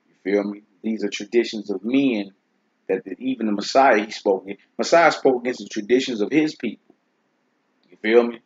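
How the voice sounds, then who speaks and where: A man with a low, husky voice leads a relaxed scripture lesson. He keeps it loose and conversational, and he often checks in with his listener. The recording sounds dull and lo-fi. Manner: laid-back, conversational, keeps asking "you see what I'm saying?". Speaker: host teaching scripture. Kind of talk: casual Bible teaching chat.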